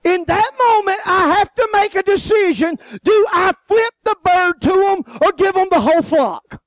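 A high-voiced man, serving as guest preacher, delivers a humorous sermon at a moderate pace, telling animated, joking stories with laughs and voicing the characters himself. No room sound can be heard; the recording is close and dry.

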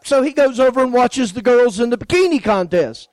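A man's voice: very high voice, lively intonation, brisk, few pauses, darkish tone, dry recording, a faint crowd, poor audio. A man preaching, telling a personal story and acting out the people in it. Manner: folksy storyteller acting out quoted voices. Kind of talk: sermon testimony storytelling.

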